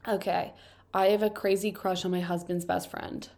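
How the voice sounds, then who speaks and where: A young woman with a stuffed-up, congested voice, casually reading confession posts aloud and chatting through them with quick, wry asides. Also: on the low side, little pitch movement, a little mellow. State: congested from allergies. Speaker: video host reading and reacting to confession posts.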